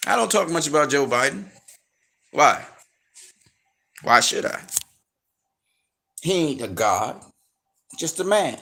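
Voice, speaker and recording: A man's voice: a little high, sing-song, a little slow, gravelly, pauses often, bright, forceful tone, slightly rough. A man in an unscripted rant to his viewers, blunt and heavily profane, lecturing and warning them in emphatic slangy talk that grows heated. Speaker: online commentator.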